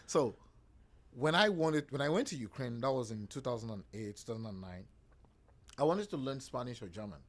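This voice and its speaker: Animated man telling a story. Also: medium pitch, normal speed. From Nigeria. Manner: animated, acts out other people's lines in quoted voices. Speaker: podcast guest, real estate agent. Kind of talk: casual storytelling conversation.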